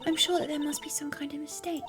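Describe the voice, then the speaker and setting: A woman voicing a sweet, soft-spoken young woman witness, in a gentle posh voice. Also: sits high, little pitch movement, fast, music in the background, close to an everyday voice. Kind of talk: live-stream game dub.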